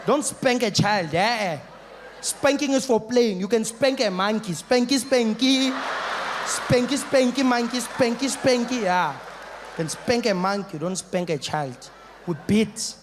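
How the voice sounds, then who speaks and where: A man in his thirties from South Africa performing a lively stand-up comedy set, acting out voices as he tells stories. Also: extremely high pitch, measured pace. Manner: animated storyteller who mimics voices. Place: large live comedy venue. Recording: echoey hall with loud crowd noise. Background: audience laughter.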